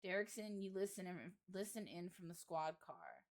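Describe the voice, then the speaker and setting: A woman voicing a calm, in-charge small-town male sheriff in a horror game, read plainly without a put-on accent. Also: high-pitched, normal speed. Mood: authoritative.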